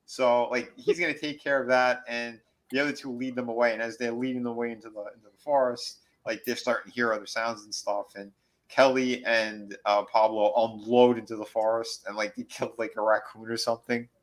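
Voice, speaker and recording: Male podcast co-host, mid-pitched voice, rambling horror recap, loose and chatty. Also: flat delivery, a little fast, rough recording. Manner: rambling, filler-heavy, acts out lines from the show. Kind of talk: casual recap of a horror series.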